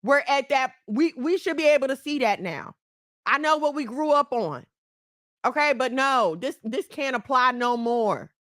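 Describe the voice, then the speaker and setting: Blunt high-voiced woman scolding her audience. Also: moderate pace, dry recording, studio quality. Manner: blunt, scolding, animated, breaks into laughter. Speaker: channel host. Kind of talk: preachy commentary to women.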